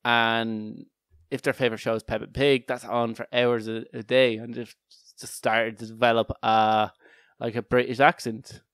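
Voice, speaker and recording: A man's voice: medium pitch, flat delivery, normal speed, a bit bright, smooth, dry recording, clean studio sound. A man co-hosting a podcast in casual chat, rambling with laughs and restarts. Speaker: podcast co-host.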